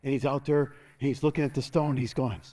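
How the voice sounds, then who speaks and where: A man preaching an energetic sermon as pastor in a church, calling for responses and laughing often. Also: medium pitch, a little fast.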